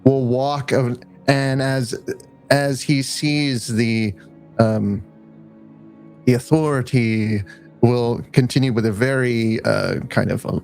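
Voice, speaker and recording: A man's voice: fairly even intonation, slow pace, darkish tone, soft background music. A man playing a tabletop game online, rambling with fillers as he describes what his character does. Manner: rambling, many fillers, acts out lines in a high voice. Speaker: player.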